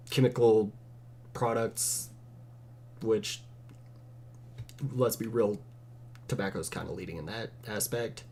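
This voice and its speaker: Laid-back rambling man with a low mellow voice. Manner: rambling, casual, sarcastic asides. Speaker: vape channel host. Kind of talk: rambling casual vlog.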